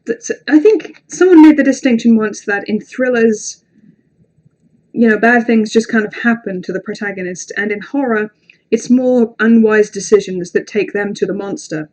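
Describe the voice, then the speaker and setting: A woman's voice: on the high side, normal speed, a little mellow. A woman hosting a casual livestream, chatting with viewers in a rambling, self-deprecating way with lots of ums and some swearing. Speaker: livestream host.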